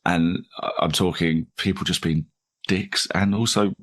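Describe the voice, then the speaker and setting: A man in his forties with a very low, deep voice, chatting as a comedian guest in an interview. He rambles and restarts often, joking at his own expense and breaking into laughs, in an easygoing, casual way. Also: steady tone, measured pace, a bit bright. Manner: rambling, self-deprecating, frequent restarts and laughs.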